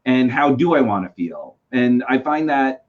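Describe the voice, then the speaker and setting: Man guest coach, reflective and searching, average pitch, dull lo-fi sound. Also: lively intonation, a little slow. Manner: reflective, searching, many restarts. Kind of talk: casual interview talk.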